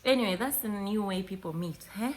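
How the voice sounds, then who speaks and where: A woman with a Kenyan accent talking casually to camera, animated, acting out both sides of chats and mixing in Swahili words. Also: mid-range voice, brisk, noisy background. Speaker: vlogger.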